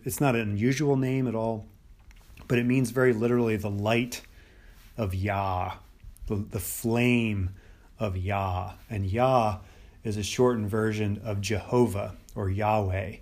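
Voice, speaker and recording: A middle-aged man from the United States talks through a Bible lesson for his podcast, his voice sitting a little low. He rambles and thinks aloud, doubling back on words and filling pauses as he goes. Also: a little mellow. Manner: rambling, thinks aloud with many restarts and fillers. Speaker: podcast host teaching on the Bible. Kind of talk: unscripted Bible teaching talk.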